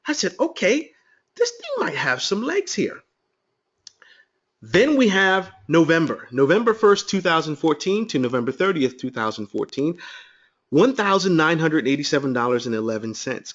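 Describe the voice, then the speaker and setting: Guy hyping his webinar, voice jumps all over, kinda muffled lo-fi audio. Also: high-pitched. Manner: excited, storytelling, addresses listeners as guys. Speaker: webinar presenter. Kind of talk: sales webinar talk.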